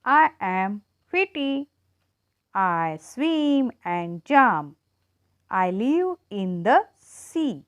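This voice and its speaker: Woman teacher, children's animal riddles, very slow, bouncy sing-song delivery, dull dry recording. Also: medium pitch, sing-song, no room sound.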